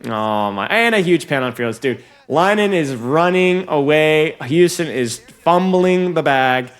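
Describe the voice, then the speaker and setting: A man coaching viewers through a match review in casual commentary, talking straight to them and getting excitable when plays swing. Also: fairly high pitch, unhurried, clear, resonant tone.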